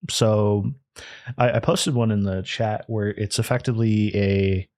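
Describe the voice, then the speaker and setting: A man's voice: on the low side, fairly even intonation, unhurried, a little mellow, no room sound, clean studio sound. A man co-hosting a podcast in casual chat, rambling and restarting often. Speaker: podcast co-host.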